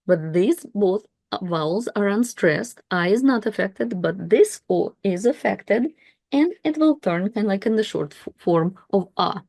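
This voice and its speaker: A woman's voice: medium pitch, lively intonation, measured pace, gravelly, darkish tone, no echo, clean studio sound. A woman teaching reading, spelling out letters and repeating each word three times. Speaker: Russian language teacher. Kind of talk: slow pronunciation lesson.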